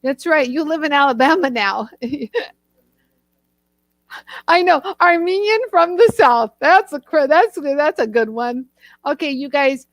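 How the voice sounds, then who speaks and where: A woman's voice: high voice, lively intonation, a little slow, pauses often, no room sound. A woman from the northern United States hosting a live jewelry tool stream, chatting with viewers in a bubbly, gushing way.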